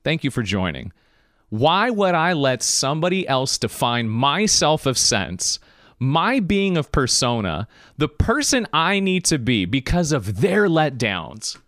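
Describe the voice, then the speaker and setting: Animated motivational male streamer. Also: a little high, a little slow, no room sound, studio quality. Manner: animated, preachy, talks to viewers directly. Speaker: podcast and stream host. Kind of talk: casual motivational talk.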